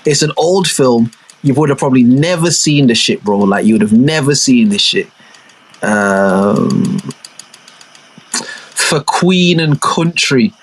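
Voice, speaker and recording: Young man, husky voice, animated slangy storytelling, casual podcast chat. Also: medium pitch, takes it slowly, rough recording. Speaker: podcast co-host. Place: home.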